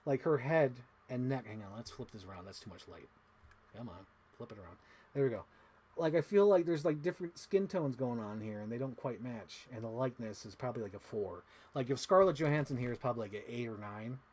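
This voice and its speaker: Animated rambling man with a lively voice. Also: mid-range voice, quick pace, husky. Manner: rambling, animated, full of "like" fillers, breaks into silly voices. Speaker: toy collector vlogger. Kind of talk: casual unboxing chat to a live chat.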